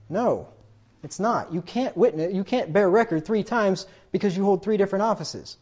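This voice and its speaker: A man preaching a sermon in a somewhat high voice. He gets emphatic and rises in volume whenever he reads scripture aloud. The recording sounds dull and lo-fi. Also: moderate pace. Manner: emphatic, rises loudly when quoting scripture.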